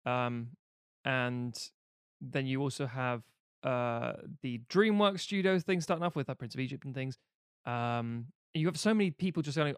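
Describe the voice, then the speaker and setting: Male co-host, late 30s, mid-pitched, chatty and profane, self-mocking, dry close sound. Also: animated, normal speed, clean tone, no room sound. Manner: rambling and profane, with self-deprecating jokes. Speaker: podcast co-host. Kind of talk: casual chat.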